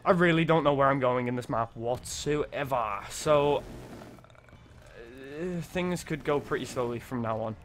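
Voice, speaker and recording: A young man, giving excitable, sweary gameplay commentary, yelping when startled. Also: medium pitch, a little slow, slight background noise. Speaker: gaming video creator.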